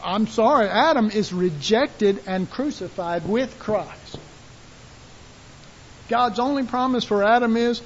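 A man preaching a sermon in an animated way, acting out the voices of God and his listeners. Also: high-pitched, slow pace. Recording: dull, hissy lo-fi recording.

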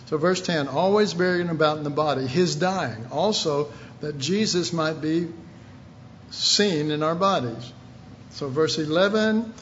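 A man preaches in a high voice, slow and deliberate, reading scripture and hammering his points with emphatic questions that sometimes rise to a shout. The recording is muffled and lo-fi, with a faint hiss underneath. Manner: reads scripture aloud in King James wording. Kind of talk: sermon.

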